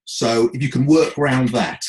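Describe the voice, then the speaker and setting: A man's voice: mid-range voice, normal speed, darkish tone, slight background noise, lightly acted. A man voicing a polite male hotel manager with a light Indian accent who is pleading for a favour. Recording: roomy echo.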